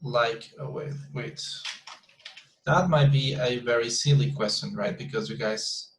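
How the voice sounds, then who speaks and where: A man runs an online English class in a mid-pitched voice. He is patient and repeats each example sentence slowly, moving the stress from word to word. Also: a bit bright, slight background noise, rough recording. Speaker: English teacher.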